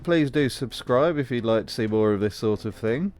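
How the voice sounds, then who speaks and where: A man talks through a scripted commentary with dry, mocking humor. His pitch bounces around a lot as he speaks. Soft music plays beneath him. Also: expressive, normal speed. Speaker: host.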